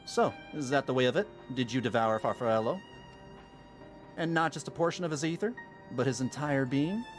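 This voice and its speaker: A man voicing a calm, sharp-witted young woman, speaking in a measured, questioning way. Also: mid-range voice, soft background music, lightly acted. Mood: probing.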